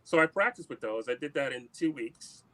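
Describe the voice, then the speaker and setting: A man's voice: mid-range voice, moderate pace. A man in an interview, telling a long story in a casual way and acting out the lines of the people in it. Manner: animated anecdote-telling, acts out quoted dialogue. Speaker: musician guest.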